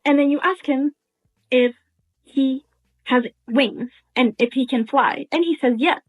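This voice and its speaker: A young woman tells a casual story aloud, walking the listener through it in the second person and slipping into quoted dialogue. Her voice sits high. The sound is narrow and tinny, like a phone recording. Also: unhurried.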